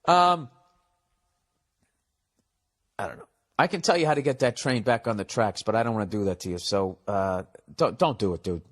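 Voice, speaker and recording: A man's voice: on the low side, moderate pace, pauses often. A man in his fifties with a Boston accent, giving blunt, profane advice in a casual podcast monologue.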